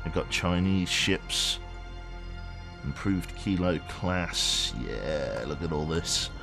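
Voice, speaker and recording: A man's voice: low voice, animated, slow, music in the background. A man streaming a game in a rambling, chatty way, reading game text aloud and swearing offhand. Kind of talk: casual live game commentary.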